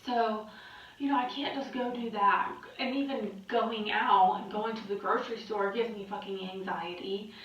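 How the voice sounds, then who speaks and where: A woman's voice: mid-range voice, steady tone, normal speed, a bit bright. A young woman talks candidly to her camera, worn out and rambling, with the odd swear word. Her voice rings around a very reverberant room and sounds muffled and dull. She sits well back from the mic. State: exhausted. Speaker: vlogger. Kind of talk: candid personal vlog. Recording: very echoey, distant, muffled.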